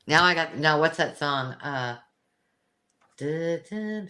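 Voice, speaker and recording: A woman's voice: low-pitched, normal speed, sharp tone. A woman co-hosting a live craft supply sale, chatting casually and rambling with restarts. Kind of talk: casual live-stream chat.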